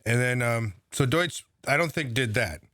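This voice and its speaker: Man, commentary host, sarcastic, swears a lot, rambling, mid-pitched, dry close sound. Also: moderate pace, fairly bright tone, dry recording. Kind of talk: casual political commentary.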